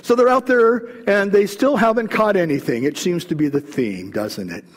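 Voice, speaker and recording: High-voiced preacher in a reverberant hall. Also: male voice, moderate pace. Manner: lively retelling of scripture in casual everyday words. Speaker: pastor. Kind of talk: sermon.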